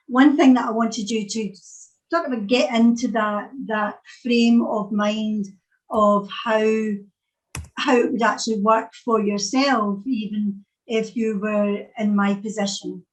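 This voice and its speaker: A woman's voice: fairly high pitch, rough recording. A middle-aged woman with a Scottish accent, giving an earnest talk over a video call and repeating phrases as she searches for words. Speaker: psychic speaker.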